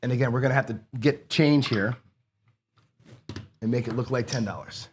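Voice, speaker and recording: A man's voice: mid-range voice, normal speed, slight background noise. A man hosting a craps strategy session, talking viewers through each roll and payout in a casual, running commentary. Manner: talks to camera while rolling dice, counting payouts aloud; excitable bursts when a roll goes his way. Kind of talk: casual play-along commentary.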